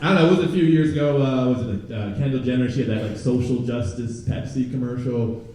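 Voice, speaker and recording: A young man performing a stand-up comedy set, chatting with the crowd and jumping into loud mocking voices. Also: mid-range voice, fast talker. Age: young adult. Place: comedy club stage before a live audience. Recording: very echoey room, from a distance.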